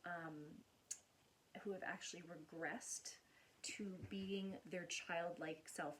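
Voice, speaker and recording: A woman's voice: fairly low pitch, a little hiss or hum. A woman counselor talking casually to camera, explaining earnestly with everyday examples.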